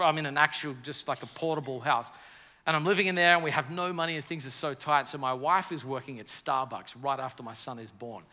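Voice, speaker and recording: A man preaching a sermon to a live audience, lively and storytelling, with jokes. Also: a little high. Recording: reverberant church hall.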